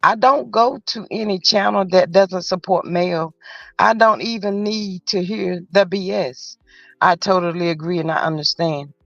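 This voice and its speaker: A woman's voice: lowish voice, measured pace, creaky, fairly bright tone, no echo. A woman hosting a casual live chat, reading out viewer comments in a gossipy way and dropping in frequent mm-hmm's. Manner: chatty and gossipy, frequent mm-hmm interjections. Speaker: livestream host. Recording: muffled lo-fi audio with faint music.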